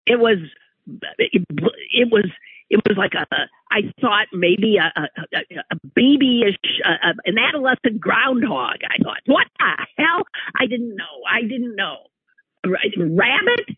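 A man telling a personal anecdote in an animated, exclaiming way, breaking off and restarting mid-sentence. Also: high-pitched, measured pace, husky, no echo. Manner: animated, exclaiming, self-interrupting. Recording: tinny phone-like line, dry.

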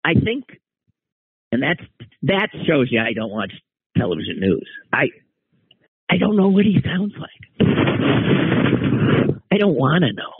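A man's voice: fairly high pitch, very animated, measured pace, pauses often, husky. A man hosting a casual solo monologue, rambling and wry, often trailing off and starting over. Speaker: podcast host. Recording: tinny phone-like dry sound.

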